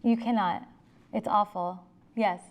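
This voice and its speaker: A woman attorney giving an informal talk and taking audience questions, talking fast and restarting her sentences often. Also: medium pitch, steady tone, dull audio. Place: public library meeting room.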